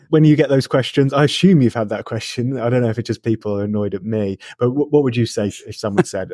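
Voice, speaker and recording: A man's voice: lowish voice, fairly quick, dark tone. A man co-hosting a podcast in casual chat, playful and often restarting his phrases. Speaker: podcast co-host.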